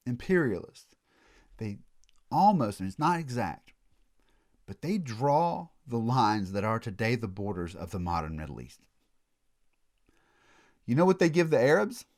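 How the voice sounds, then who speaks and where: A man's voice: medium pitch, a little mellow. A man giving a recorded college history lecture, telling it as a story with casual asides and frequent restarts.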